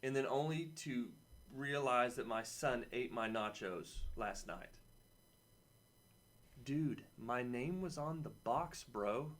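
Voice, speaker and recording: A camp teacher with a medium-pitched, animated, slightly bright voice leads a weekly video lesson for children, speaking slowly. He chats and encourages, repeats key phrases, and adds playful asides and personal stories.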